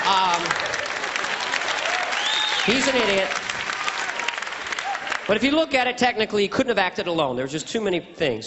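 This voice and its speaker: A male comedian works a big room, his voice bouncing high and low as he tells a story and drops into character voices. The sound is a live stage recording with a long hall echo, a loud audience and steady ambient noise underneath. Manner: lively, slips into character voices and impressions. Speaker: stand-up comedian. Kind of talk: stand-up comedy with impressions. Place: large theater with a live audience.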